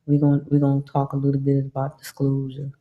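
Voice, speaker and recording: A woman's voice: a bass voice, completely flat delivery, fast talker, phone-quality sound. A woman hosting a casual livestream chat, laughing often and sounding a bit sleepy as she wraps up. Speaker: livestream host.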